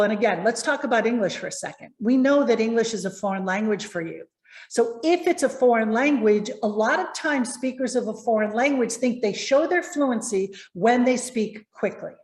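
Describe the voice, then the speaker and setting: A woman communication coach giving a lesson on presentation tips, speaking expressively and slowing down to stress key words. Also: on the high side, expressive, roomy sound.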